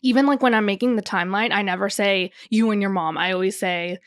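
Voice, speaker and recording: A young woman co-hosting a podcast, telling stories in a chatty way, full of "like" and quick laughs. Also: medium pitch, dry recording. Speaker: podcast co-host, wedding photographer. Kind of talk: casual chat.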